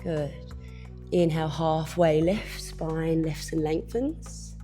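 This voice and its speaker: A woman instructor guiding a yoga class with calm, encouraging cues while she moves, a bit out of breath, sometimes dropping to a whisper. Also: low voice, slow, soft background music.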